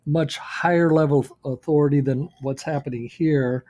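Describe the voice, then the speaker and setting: A man with a fairly high voice adds short comments during a podcast chat. He chimes in casually, with an easy chuckle. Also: fairly even intonation, normal speed, darkish tone. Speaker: podcast co-host.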